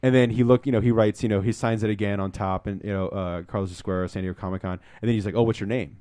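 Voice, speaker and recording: A young man co-hosting a podcast, telling stories in a casual, excitable way, swearing often and acting out what people said. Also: on the low side, racing, clean tone, dry recording, studio quality. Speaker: podcast co-host. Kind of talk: casual storytelling chat.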